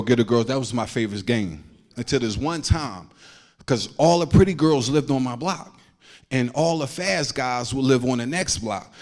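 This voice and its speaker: A man doing a stand-up comedy set, telling loose slangy stories and acting out the people in them. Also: mid-range voice. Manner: loose slangy storytelling, acts out quotes.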